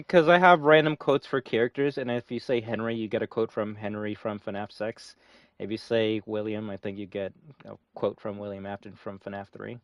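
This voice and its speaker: A young man live-streaming a fighting game, chatting casually with viewers, excitable and swearing often. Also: mid-range voice, no room sound, far from the mic. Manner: excitable, swears often, reads chat aloud. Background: game music.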